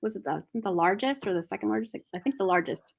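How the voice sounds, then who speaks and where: A woman's voice: mid-range voice, expressive, fast, vocal fry. A woman hosting a live book discussion, reading out viewer comments in a chatty way. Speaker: host.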